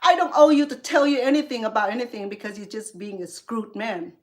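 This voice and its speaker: A woman's voice: a little high, a little fast. Woman scolding a viewer. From Cambodia. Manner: scolding, sarcastic, heated. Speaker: cooking livestream host. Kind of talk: angry livestream rant at a viewer.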